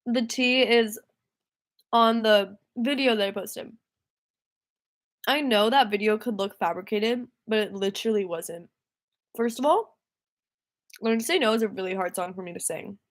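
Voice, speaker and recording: A woman's voice: mid-range voice, measured pace, pauses often. A young woman singer-songwriter chatting casually on a livestream, rambling and easily distracted, laughing often.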